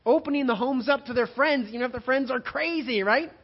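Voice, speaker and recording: A male pastor preaching a sermon, moving between loud emphatic passages and quiet, hushed ones. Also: very high voice, brisk, slightly rough, highs cut off.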